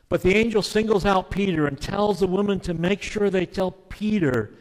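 A male pastor preaching a sermon, earnest and emphatic, dropping suddenly to soft, quiet phrases. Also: on the high side, long reverb tail, low-quality recording.

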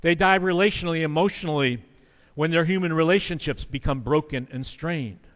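Earnest preacher in a reverberant hall. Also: male voice, on the high side, brisk, a bit bright. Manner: conversational, earnest preaching with acted quotes. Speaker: pastor. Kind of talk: sermon.

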